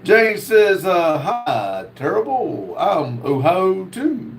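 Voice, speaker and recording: Slow-talking man reading live chat. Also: sits high, sing-song. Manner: slow, drawling, reads comments aloud. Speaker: livestream host reading chat. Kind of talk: casual livestream chat.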